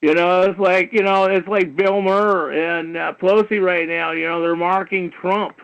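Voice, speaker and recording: A man's voice: sits high, steady tone, moderate pace, gravelly, a bit bright, smooth. A man hosting a call-in talk show, lecturing in a heated, rambling way, peppered with "you know" and swearing. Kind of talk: rambling call-in radio monologue. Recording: dull lo-fi internet radio stream.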